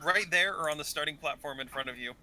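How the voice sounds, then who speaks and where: A man running an online tabletop game as game master, giving brisk rulings and dry quips. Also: on the high side, bright, forceful tone.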